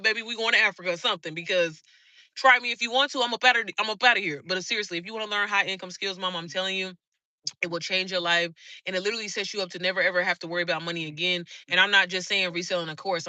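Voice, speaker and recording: This online business coach has a lowish voice that sounds pushed and bright. She talks to her live-stream viewers in a fired-up, blunt way, swearing constantly, and the sound carries no echo.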